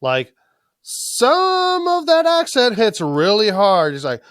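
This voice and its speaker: A man's voice: high-pitched, wildly swooping pitch, takes it slowly, fairly bright tone, smooth, dry recording, clean studio sound. A man co-hosting a podcast in a casual recap chat, who laughs often, trails off with fillers and cracks blunt jokes. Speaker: podcast co-host.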